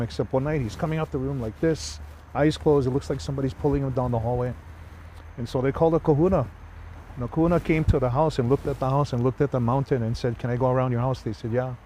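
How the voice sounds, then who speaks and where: A man's voice: medium pitch, fast talker, dark tone, slight background noise. A man telling a ghost story in an easy, conversational way.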